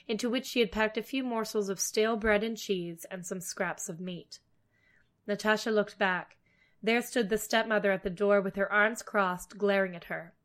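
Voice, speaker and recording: A woman storyteller reading a fairy tale aloud, steady with wry asides. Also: mid-range voice.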